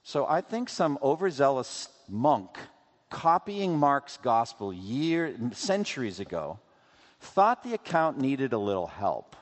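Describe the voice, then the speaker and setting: A man preaching a sermon as pastor, asking rhetorical questions and acting out quotes in an animated way. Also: medium pitch. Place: church sanctuary. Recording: long hall reverb.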